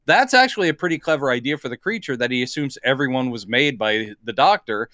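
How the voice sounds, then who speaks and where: A man co-hosting a podcast, chatting casually about a movie and acting out quoted lines with animated exasperation. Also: medium pitch, quick pace, dry recording. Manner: animated, acts out quoted lines mid-rant. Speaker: podcast co-host. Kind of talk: casual movie review chat.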